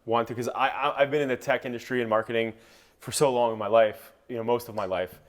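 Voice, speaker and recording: A young man hosting a casual podcast chat, talking fast and acting out every quote as he tells a personal story. His pitch sits in the middle range, and he swears casually along the way. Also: steady tone. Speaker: podcast host.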